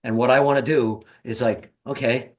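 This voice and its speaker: Male host, casual chat, joking, mid pitch. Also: moderate pace. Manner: joking, animated storytelling. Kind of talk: casual interview talk.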